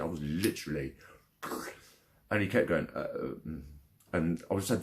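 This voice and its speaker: A man's voice: sits low, normal speed, long pauses, a little hiss or hum. Frustrated man ranting. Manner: angry, frustrated, heavy swearing. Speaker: vlogger. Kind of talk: ranting vlog.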